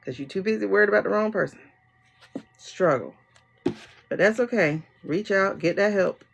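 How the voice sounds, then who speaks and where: A woman's voice: mid-range voice, moderate pace, gravelly, noisy background. A woman doing a livestream tarot and pendulum reading, talking bluntly and joking with her viewers.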